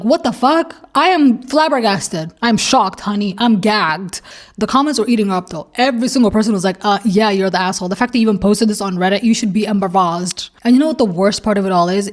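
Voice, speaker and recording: A woman's voice: mid-range voice, quick pace, hardly any pauses. A woman hosting a reaction video, ranting bluntly and heatedly as she comments on online posts, swearing freely. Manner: animated, emphatic rants.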